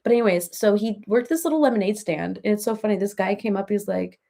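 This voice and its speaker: A woman's voice: mid-range voice, fast, gravelly, mellow. A woman doing a gossipy reality-TV mom. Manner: gossipy, rambling, laughs through stories. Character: parody of a chatty reality-TV mom live-streaming. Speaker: comedian doing a parody live chat. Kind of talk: rambling live-stream chat, comic impression.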